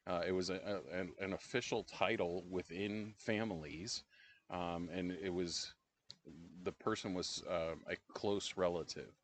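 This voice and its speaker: A middle-aged man co-hosting a podcast, leading a Bible study in a relaxed, conversational way with frequent pauses. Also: deep voice, slight background noise. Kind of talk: casual Bible-study discussion.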